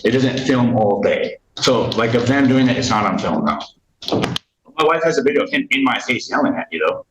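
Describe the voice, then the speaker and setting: A man's voice: medium pitch, animated, moderate pace, lo-fi sound. A man testifying in a courtroom hearing, indignant and rambling, repeating himself as he tells his side. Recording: echoey courtroom mic, faint noise.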